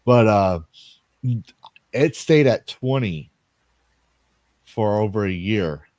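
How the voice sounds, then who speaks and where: A man with a fairly low voice hosts a loose, chatty livestream and rambles from one story to the next. He reads out viewer donations as they come in. The sound is dry and close, with no room around it. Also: lively intonation, takes it slowly, a little mellow, no room sound. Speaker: stream host. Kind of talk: casual livestream chat.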